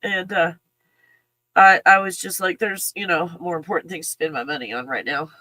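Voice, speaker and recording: A woman talking in an emotional, halting casual monologue, breaking off with sighs and soft laughs. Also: on the low side, fairly even intonation, no room sound, rough recording. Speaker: channel host.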